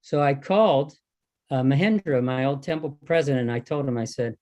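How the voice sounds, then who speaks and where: An older man recounting an old episode with animated storytelling. His pitch sits at an ordinary middle level, and he acts out the back-and-forth between people as he goes. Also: brisk. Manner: animated storytelling, acting out quoted exchanges. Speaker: devotee recalling service. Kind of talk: anecdotal talk at a reunion.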